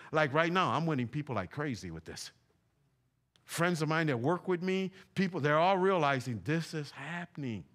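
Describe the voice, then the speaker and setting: A man's voice: on the high side, fairly bright tone. A middle-aged man from Puerto Rico, preaching a fervent sermon in a church, repeating his points with emphasis. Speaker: pastor. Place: church sanctuary.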